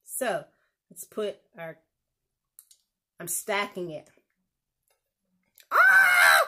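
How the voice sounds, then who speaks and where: A woman's voice: lowish voice, slow pace. Chatty, exuberant woman cooking on camera. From United States. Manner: chatty, exuberant, laughs often. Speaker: cooking show host. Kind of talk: casual cooking demonstration.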